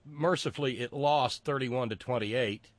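A man hosting a political talk show, with wry, sarcastic asides and many pauses and fillers. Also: medium pitch, no room sound.

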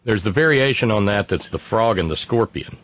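A man guest in a political talk who stumbles over his first words, then tells things in a measured way. His voice rises and falls a lot. The sound is dry and close. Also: on the low side, lively intonation, fairly bright tone, no echo. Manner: stammering, measured storyteller. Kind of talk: political discussion.

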